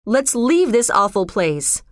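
A woman's voice: a little high, very animated, slow pace, dry recording, studio quality. A woman voicing an eager young man in a storybook reading, in her own plain voice.

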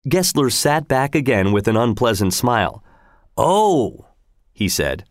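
A man narrating a storybook aloud in a measured, expressive way. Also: medium pitch, no echo, studio quality.

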